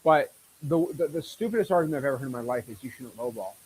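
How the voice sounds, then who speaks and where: Hyped young man, slightly high voice. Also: very fast, breathy edge. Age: 20s. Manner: hyped, boastful, excitable. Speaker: host. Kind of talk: casual livestream talk.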